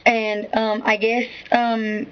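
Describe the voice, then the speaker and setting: A woman's voice: a little high, little pitch movement, slow, a little hiss or hum, rough recording. A woman recounting events to an interviewer in street slang, rambling and repeating herself. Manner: rambling, repeats "you know what I'm saying". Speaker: witness giving a statement.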